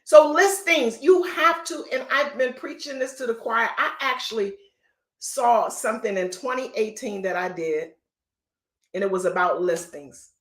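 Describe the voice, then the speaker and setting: A woman's voice: on the high side, measured pace, a bit bright. A middle-aged woman real estate coach giving an emphatic, preachy motivational talk on a live stream. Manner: emphatic, repetitive, preachy, folksy. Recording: echoey room.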